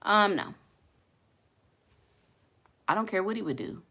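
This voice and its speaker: Casting: bright, forceful young woman with a Houston drawl, blunt and laughing as she riffs on viewer comments. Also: mid-range voice, animated, slow, vocal fry. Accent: Southern US (Houston). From Houston, Texas. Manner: blunt, laughing, talks back to chat. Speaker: vlogger reading live comments. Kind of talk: casual chat.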